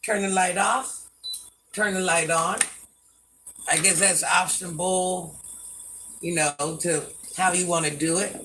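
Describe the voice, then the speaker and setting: A woman's voice: fairly low pitch, fairly even intonation, unhurried, long pauses, fairly bright tone, a little hiss or hum. An older woman hosting a casual livestream, answering viewer comments bluntly and sassily, often talking about herself in the third person. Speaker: livestream host.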